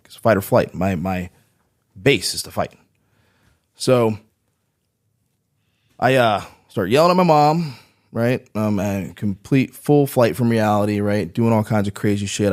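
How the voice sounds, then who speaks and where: A man's voice: on the low side, unhurried. A man who is a veteran, guest on a podcast, telling his own story in a casual, profane, rambling way, often tagging his sentences with "right?".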